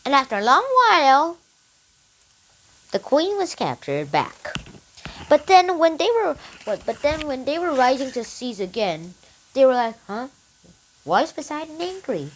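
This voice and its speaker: A young book reviewer excitedly retelling a story in a casual, animated way. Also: sits high, unhurried, poor audio.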